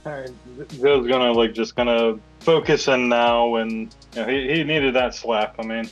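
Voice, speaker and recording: Brief: excitable male tabletop player, slightly high voice, muffled lo-fi sound. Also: moderate pace. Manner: excitable, swears and laughs. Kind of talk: tabletop role-play. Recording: dull lo-fi audio with faint music.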